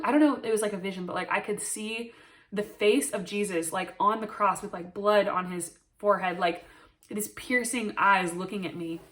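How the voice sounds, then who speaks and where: A woman's voice: medium pitch, a bit bright, recorded from a distance. A young woman telling a personal story to camera, earnest and emotional, with many "like" fillers. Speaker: new mother telling her birth story.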